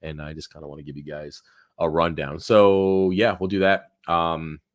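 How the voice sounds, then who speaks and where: A deep-voiced man hosts a live Q&A stream, rambling through casual talk with plenty of fillers and restarts. His voice is hoarse and fading. The sound is dry and close. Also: little pitch movement, moderate pace, no echo. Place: home office.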